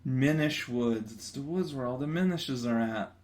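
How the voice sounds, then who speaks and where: A man's voice: mid-range voice, moderate pace, a little mellow. A young man rambling playfully through casual gaming commentary, often stammering and restarting his sentences. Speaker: let's player. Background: faint game music.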